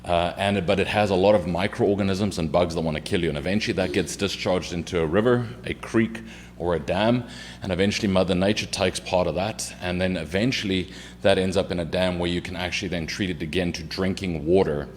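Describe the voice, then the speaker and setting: A man's voice: deep voice, steady tone, fairly quick, slight background noise. A man with a South African accent, a company chief executive giving an explanatory business presentation to a city council. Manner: explanatory, with fillers.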